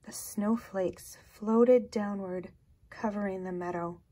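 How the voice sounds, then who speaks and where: A woman reading a children's picture book aloud in a slow, gentle, expressive way, sometimes dropping to a hush. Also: mid-range voice. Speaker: storyteller.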